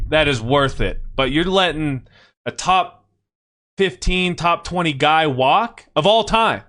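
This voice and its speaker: Young male podcast host, fired-up rant, slightly high voice. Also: a bit bright. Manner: heated, ranting, swears. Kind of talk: casual sports talk.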